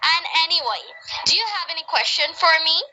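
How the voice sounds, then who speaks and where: Bright high-voiced young woman from Bangladesh. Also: lively intonation, a little hiss or hum, rough recording. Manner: earnest, eager, slightly halting non-native English. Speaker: guest English learner. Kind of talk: casual conversation.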